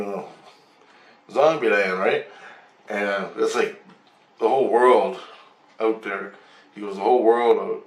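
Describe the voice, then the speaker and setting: A man telling a rambling story of a vision, excitable, swearing and acting out voices. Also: fairly low pitch. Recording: roomy, distant from mic.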